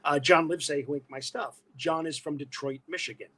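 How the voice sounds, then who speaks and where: A man from Brooklyn with a New York accent, a guest chatting casually and telling animated stories. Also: on the high side, fairly quick, breathy edge, rough recording. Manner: animated storyteller, breaks into voices. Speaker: guest, illustrator and costume actor. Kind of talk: casual interview chat.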